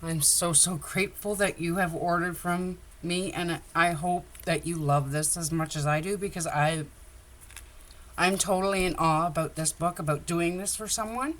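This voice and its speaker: Low-voiced woman rambling about crafts. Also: fairly even intonation, moderate pace. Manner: rambling, openly emotional. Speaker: craft vlogger. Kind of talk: casual livestream chat.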